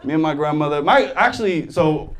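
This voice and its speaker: Animated young man doing lively stand-up. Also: fairly high pitch, a little fast. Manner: animated, jumps into loud exaggerated quoted voices, laughs through lines. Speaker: stand-up comedian. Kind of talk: stand-up comedy set. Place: comedy stage before a live audience. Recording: live stage mic with clear audience noise. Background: audience laughter.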